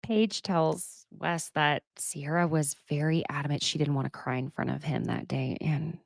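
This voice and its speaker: A woman hosting a casual recap, talking in an animated, sarcastic and emphatic way. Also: sits low, normal speed, gravelly, no echo, clean studio sound. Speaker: host.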